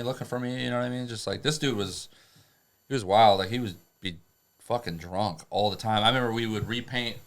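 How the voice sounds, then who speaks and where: Laid-back profane tattoo artist storyteller. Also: male voice, lowish voice, a little fast, fairly bright tone. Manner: laid-back, profane, tosses in tag questions. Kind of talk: casual storytelling chat.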